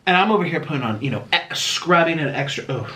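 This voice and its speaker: A man chatting casually through a mukbang eating vlog, dramatic and swinging between low mumbles and excited yelps. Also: fast talker, background noise. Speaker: mukbang vlogger.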